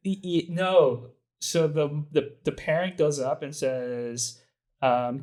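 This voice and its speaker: A man's voice: on the high side, steady tone, slow, a little mellow. Laid-back man chatting casually. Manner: easygoing, talkative, says "right?" often. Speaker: podcast co-host, new father. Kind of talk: casual chat.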